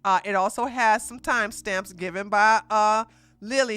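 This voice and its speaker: A woman hosting a casual reaction commentary stream, talking in an animated, mocking way with frequent laughs. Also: mid-range voice, normal speed, clear, resonant tone, no echo. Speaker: commentary host.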